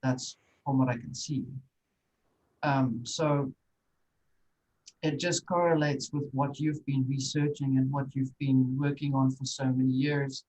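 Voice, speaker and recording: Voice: mid-range voice, flat delivery, unhurried, darkish tone, poor audio. Musing podcast host, thinking aloud. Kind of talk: podcast interview.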